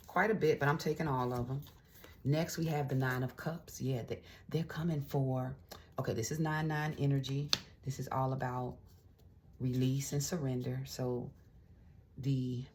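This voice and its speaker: Very low-voiced excitable tarot reader woman. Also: slight background noise. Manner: excitable, chatty, slips into hushed whispers. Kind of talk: excited casual tarot reading.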